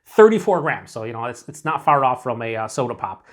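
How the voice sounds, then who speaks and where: A man's voice: mid-range voice, big pitch swings, a little fast. Chatty man rambling through a beer review. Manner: rambling, enthusiastic, frequent "like" and restarts, swears casually. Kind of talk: casual solo review.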